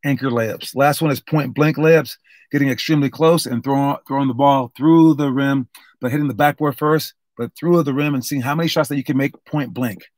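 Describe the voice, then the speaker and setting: A young male basketball coach talks through drills in a loose, upbeat, rambling way, stopping and restarting often. His voice sits at an ordinary pitch for a man. The sound is dry and close, with no room around it. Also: fairly even intonation, fairly quick, a little mellow, dry recording. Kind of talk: casual instructional talk.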